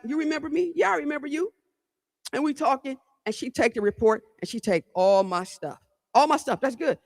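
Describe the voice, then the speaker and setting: A woman host from the Cleveland area, telling a story on her podcast in a blunt, fired-up way, swearing, repeating herself and talking straight to her listeners. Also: a little high. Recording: long hall-like reverb.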